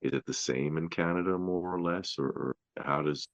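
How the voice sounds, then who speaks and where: Very deep gravelly male podcast host. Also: no room sound. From United States. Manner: measured, deliberate questioning. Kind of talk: interview podcast.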